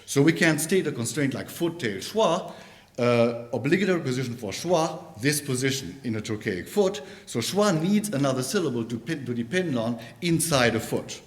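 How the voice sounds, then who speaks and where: A man giving an academic conference talk on linguistics in a university lecture room, pausing often and restarting his sentences. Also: medium pitch, lively intonation. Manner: halting, with many fillers and restarts.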